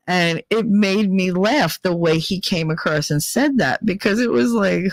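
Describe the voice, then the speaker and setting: A man's voice: sits high, expressive, normal speed, gravelly, hardly any pauses, dry recording. Profane rambling man from New Jersey, dry sound. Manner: rambling, profane, confessional, mimics others in raised voice. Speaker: channel host. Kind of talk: candid personal monologue to viewers.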